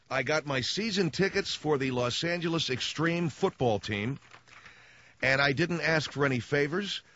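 A man's voice: medium pitch, fairly bright tone, no room sound, lo-fi sound. A man hosting a radio talk show, telling stories in a wry, sarcastic way and acting out little quotes. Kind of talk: casual radio monologue. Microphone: studio microphone.

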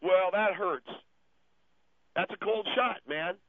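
A man's voice: high-pitched, takes it slowly, no echo. A man calling in to a radio show, arguing in a laid-back, stammering way over the phone. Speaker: caller. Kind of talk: argumentative phone call. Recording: tinny phone line with faint noise.

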